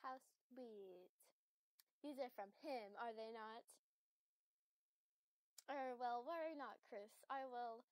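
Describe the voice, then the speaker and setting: A woman reading game lines aloud as a gentle, motherly goat woman who speaks softly and a little formally. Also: on the high side, slow pace, long pauses, dry recording, rough recording. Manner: soft, formal, doting.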